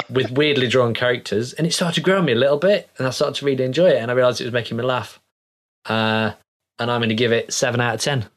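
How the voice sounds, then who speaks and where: A man's voice: mid-range voice, fairly bright tone. A man, co-hosting a podcast and telling a story with enthusiasm. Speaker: podcast co-host. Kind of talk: casual chat.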